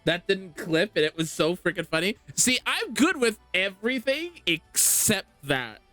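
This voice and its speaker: A live streamer chatting casually on a game stream, giggly and animated, laughing often. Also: mid-range voice, measured pace, no room sound, faint music behind. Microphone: streaming microphone.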